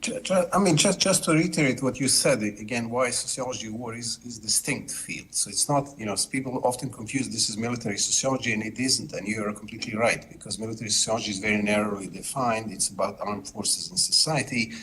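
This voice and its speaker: A male scholar answering on a workshop panel. His low voice has a bright edge, and a faint hiss runs underneath. He stumbles over his opening words, then explains in an even, lecturing way. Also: quick pace, few pauses, low-quality recording. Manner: stammering at the start, then steady and explanatory. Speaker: sociologist panelist. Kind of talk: academic discussion.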